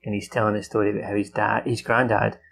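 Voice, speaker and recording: A man's voice: lowish voice, level tone, fast talker, gravelly, music in the background. A man recalling a film from memory in a loose, rambling way, with many fillers, restarts and some swearing. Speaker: film recap host. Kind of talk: casual off-the-cuff recap.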